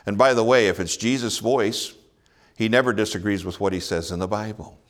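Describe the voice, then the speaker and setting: A middle-aged pastor preaches with earnest conviction. His voice sits a little low, and he leans on rhetorical questions and chuckles softly between points. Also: a little fast. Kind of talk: sermon.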